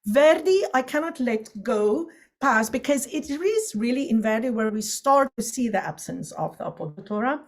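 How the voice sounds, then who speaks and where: A woman teaching an online opera lesson, explaining with quick asides and breaking into sung and recited Italian examples. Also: a little high, lively intonation.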